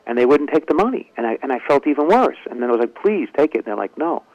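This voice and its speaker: A man's voice: medium pitch, rapid-fire, dry recording, muffled recording. A man, a ventriloquist and comedian, telling a long story in an interview and acting out the lines of the people in it. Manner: lively anecdotal telling, acts out quoted dialogue.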